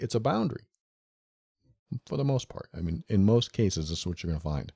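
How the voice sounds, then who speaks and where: A podcast host with a low, husky, darkish voice talks earnestly through a solo episode about relationships, speaking straight to the listener and returning to his key phrases over and over. His delivery is brisk and sing-song, with vocal fry. The sound is close and dry, with no room around it.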